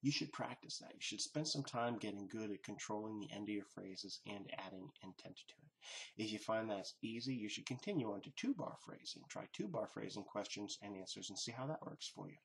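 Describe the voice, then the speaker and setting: A man's voice: on the low side, a little fast, gravelly. A man teaching jazz improvisation, explaining each step in a patient, methodical way. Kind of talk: instructional lesson narration.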